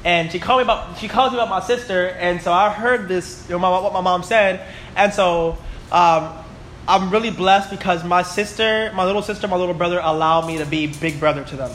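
Guy in his 20s teaching a bible class, pretty high voice, chatty, keeps saying right? and you know. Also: a little fast, fairly bright tone, slight background noise.

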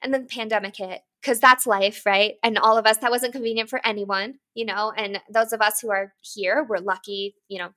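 A woman's voice: medium pitch, steady tone, a little fast, few pauses, bright, forceful tone. A woman in her twenties, a climber, talking openly in an interview in a candid, thoughtful way, often saying "you know" and "like". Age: 20s. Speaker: guest, competitive climber. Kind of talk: reflective interview talk.

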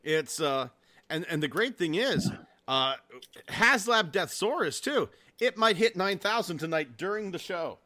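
Podcast co-host, man in his forties, bright and excitable, swears a lot, a bit high. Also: unhurried. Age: 40s. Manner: excitable, swears freely, loud laughs. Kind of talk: casual chat.

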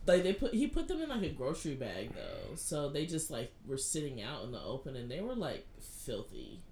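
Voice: medium pitch, normal speed, a crowd in the background. A speaker telling a random story in a casual group chat. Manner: expressive storytelling.

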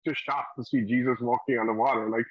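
Over a loud crowd, a man with a mid-range, fairly even voice talks quickly as he leads a relaxed Bible discussion for a podcast. His delivery wanders, full of fillers and occasional laughter, and the lo-fi recording sounds slightly muffled.

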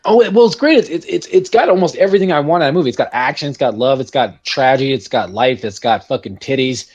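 A man chatting casually about a movie with friends, swearing often and acting out lines from it with excitement. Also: medium pitch, quick pace, dull audio. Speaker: podcast co-host.

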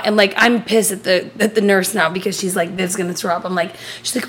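A woman in her thirties co-hosts a podcast, telling a casual story in a medium-pitched, slightly rough voice. She talks briskly with few pauses, animatedly acting out the quoted dialogue and swearing casually as she goes.

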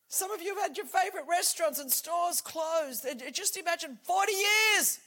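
A woman in her forties delivers a fervent sermon in a high, bright voice. She drops to near-whispers for intimate points, then rises to shouted declarations. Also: animated, normal speed, hardly any pauses. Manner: passionate, swings from hushed to shouting. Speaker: preacher.

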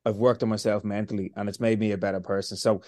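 A man being interviewed, telling lively stories, swearing freely and acting out what he said to himself. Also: fairly low pitch, quick pace, no room sound, studio quality. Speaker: interview guest. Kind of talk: casual storytelling.

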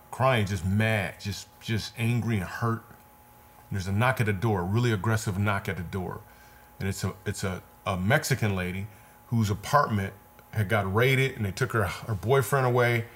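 A man with a fairly low voice tells a personal story in an interview. He talks in an earnest way, repeats words for weight and retells scenes vividly. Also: fairly bright tone, a little hiss or hum. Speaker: comedian guest. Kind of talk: conversational storytelling.

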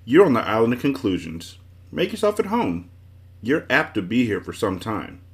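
A man's voice: mid-range voice, very animated, moderate pace, pitched above the performer's own voice. A man voicing a confused storybook man who swings between extremes and exclaims in a raised voice. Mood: excited, explaining. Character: confused man, both everything and nothing.

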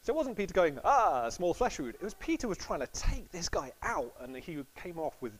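A man's voice: on the high side, very animated, a little fast, low-quality recording. A man giving a casual, chatty sermon to a congregation, acting out quotes with laughs. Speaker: preacher.

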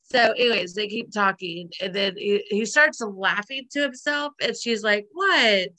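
A woman chatting at an unhurried pace, her voice bright and clear. She rambles through a retelling with fillers and frequent giggles. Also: mid-range voice. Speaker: podcast co-host recapping a sitcom episode. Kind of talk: casual chat.

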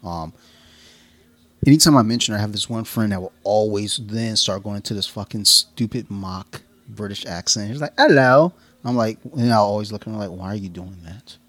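Joking American man with a low, dry voice. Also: steady tone, brisk, fairly bright tone, no room sound. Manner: jokey, profane, acts out quotes, laughs often. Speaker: podcast co-host. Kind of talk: casual chat.

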